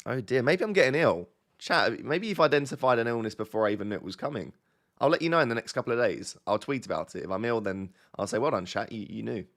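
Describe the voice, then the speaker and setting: A man's voice: mid-range voice, expressive, fast talker, fairly bright tone. A man talking casually on a live stream, rambling and self-deprecating as he thinks aloud to his chat, his voice slightly bunged up. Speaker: fantasy football streamer.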